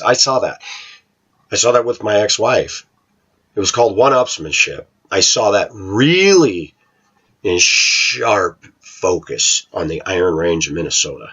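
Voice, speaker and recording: Man, middle-aged, husky, rambling opinionated vlog talk, muffled lo-fi recording. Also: on the low side. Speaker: vlogger. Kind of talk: casual monologue to viewers. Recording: dull lo-fi recording.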